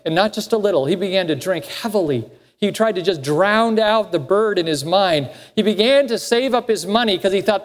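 A man's voice: high voice, big-room sound. A man preaching a sermon in a church sanctuary, telling a story earnestly and acting out the quoted voices. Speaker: pastor.

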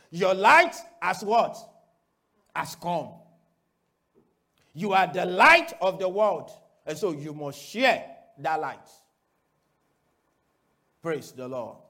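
High-voiced, slow-preaching male pastor. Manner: call-and-response preaching, rhetorical questions; swings between loud declarations and quiet asides. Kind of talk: sermon.

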